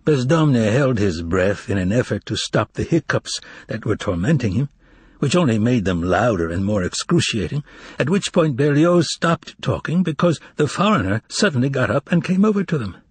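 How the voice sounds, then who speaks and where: A man narrates a novel in an expressive, lively voice that swoops up and down, with a distinctly husky, breathy grain. The recording is dry and close, with no room sound. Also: medium pitch, moderate pace, no room sound. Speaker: audiobook narrator. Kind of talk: scripted narration.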